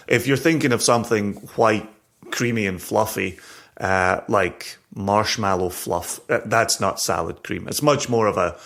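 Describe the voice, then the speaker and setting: A middle-aged man with a Scottish accent and a fairly low voice talks in a loose, chatty way as a podcast co-host. He is self-deprecating and laughs easily. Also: fairly bright tone. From Scotland. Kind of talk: casual chat.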